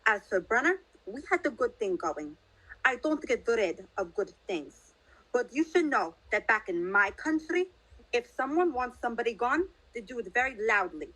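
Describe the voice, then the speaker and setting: A woman's voice: on the high side, very animated, moderate pace, a bit bright, low-quality recording. Woman doing a smug Russian crime boss. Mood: mocking. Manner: scoffing, mock-polite.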